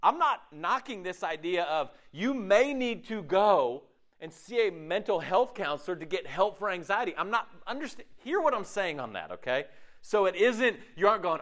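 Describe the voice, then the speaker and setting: Animated high-voiced male preacher. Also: normal speed. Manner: animated, conversational preaching with frequent "okay?" check-ins; acts out inner dialogue in shifting voices. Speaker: pastor. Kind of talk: sermon.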